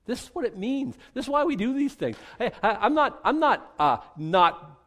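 Animated joking male preacher. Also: extremely high pitch, moderate pace. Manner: lively, joking, acts out little voices, leads a closing prayer. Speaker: pastor. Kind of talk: sermon.

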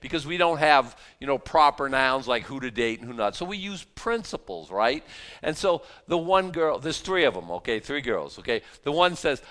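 Male Bible teacher, sermon, animated and chatty, lively rising and falling pitch, mid voice. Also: normal speed. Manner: animated, conversational, repeats words as he talks.

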